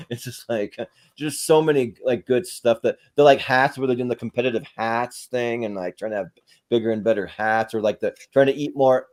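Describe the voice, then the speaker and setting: A man's voice: medium pitch, moderate pace, a little mellow. A man co-hosting a casual panel chat, rambling and laughing as he retells comedy sketches. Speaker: podcast co-host.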